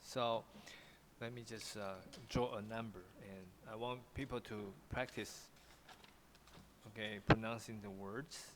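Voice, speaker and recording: A man's voice: fairly low pitch, fairly even intonation, unhurried, big-room sound, very noisy. A man with a Taiwanese accent teaching English pronunciation in an online class, often repeating himself and switching into Mandarin.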